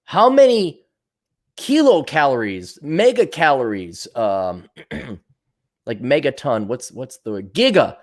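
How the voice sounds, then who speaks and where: A man's voice: medium pitch, sing-song, unhurried. A man hosting his own show, talking bluntly and profanely in a casual monologue and acting out the voices of people he quotes. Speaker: podcast host answering viewer comments.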